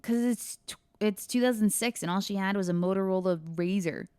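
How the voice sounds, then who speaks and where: A woman's voice: medium pitch, fairly quick, warm tone, clear, resonant tone, no echo, studio quality. A woman reading her own crime story aloud on a podcast, breaking off into casual asides and laughing often.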